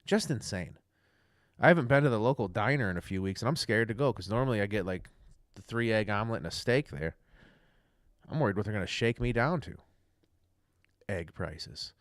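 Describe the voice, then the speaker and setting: Low-voiced man rambling on a livestream. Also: expressive, brisk, pauses often, no room sound, studio quality. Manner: rambling, profane, loose and chatty. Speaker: livestream host. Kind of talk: casual rambling livestream rant.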